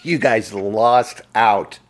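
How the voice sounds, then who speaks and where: A man's voice: on the low side, extremely slow, music in the background. A man hosting a podcast in casual chat, teasing his guest, laughing often and fond of doing impressions.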